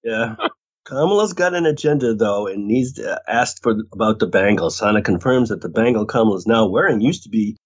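Man recapping a show, husky, lo-fi audio. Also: lowish voice, animated, brisk. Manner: reads recap, laughs often, mimics characters. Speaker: podcast co-host recapping episodes. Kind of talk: casual recap chat. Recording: dull lo-fi audio.

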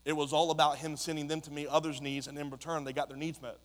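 A man preaching a sermon to a congregation, talking in a passionate way that builds to shouts. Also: on the high side, little pitch movement, fast. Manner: impassioned, rising to shouts. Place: church sanctuary. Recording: long hall reverb.

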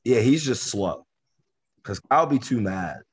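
A low, slightly husky man talking about basketball games. His pitch swings widely as he tells stories in loose, slangy speech. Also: a little slow. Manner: animated, slangy storytelling. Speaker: podcast co-host. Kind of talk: casual basketball chat.

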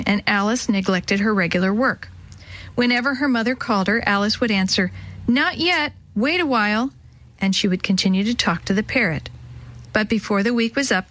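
A woman reading a children's story aloud in a gentle, expressive way, giving each character a voice. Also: mid-range voice, low-quality recording.

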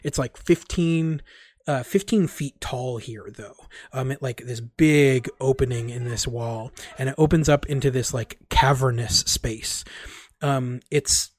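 A man narrating a tabletop game as game master, halting and full of fillers. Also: medium pitch, no echo.

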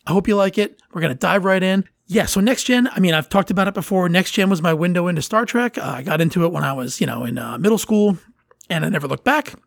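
A man's voice: high voice, lively intonation, fast, creaky, no room sound, clean studio sound. A man hosting a podcast on his own, talking casually and rambling with fillers and restarts. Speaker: podcast host. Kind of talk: casual solo podcast talk.

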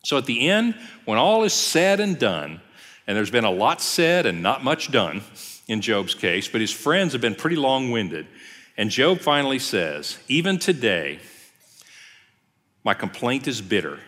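Lively pastor man in a reverberant hall. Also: mid-range voice, unhurried. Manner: lively, acts out quoted voices. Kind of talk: conversational sermon. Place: church sanctuary. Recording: long church hall reverb.

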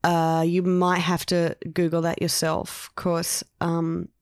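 A woman's voice: fairly low pitch, completely flat delivery, clear, resonant tone, no room sound, clean studio sound. A woman, co-hosting a podcast, reviewing a TV show in casual chat with jokey asides. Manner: chatty, jokey, quick asides. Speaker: podcast co-host.

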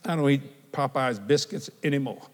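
A man's voice: medium pitch, moderate pace. An older man preaching a sermon, telling stories animatedly and asking the congregation questions. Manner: animated storytelling, calls and responses with the congregation. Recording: long hall reverb.

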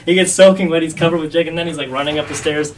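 Fast-talking man telling sports stories. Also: on the high side, distant mic, a little hiss or hum. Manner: animated storyteller acting out quotes. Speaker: podcast co-host. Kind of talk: casual sports podcast storytelling.

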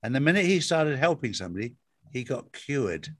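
A man's voice: medium pitch, very animated, fairly quick, a bit bright, slightly rough, no room sound, clean studio sound. A man in casual conversation about faith, telling personal stories and repeating phrases for emphasis. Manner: storytelling, emphatic repetitions.

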